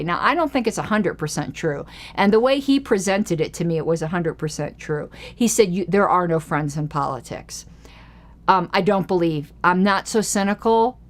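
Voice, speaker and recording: A woman hosting her own political commentary show from a home studio. She talks in a chatty, rambling way, gets excited, and reads aloud from old newsletters. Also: fairly low pitch.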